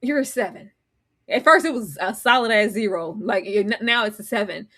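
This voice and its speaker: A woman chats as a guest co-host in a casual reality TV recap, animatedly acting out quotes and laughing often. Her medium-pitched voice moves a little fast.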